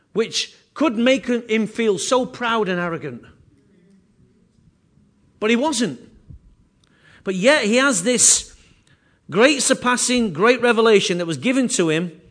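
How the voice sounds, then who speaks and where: A man's voice: high-pitched, fairly bright tone. A man preaching a sermon as pastor, earnest, circling back on his words and restarting phrases.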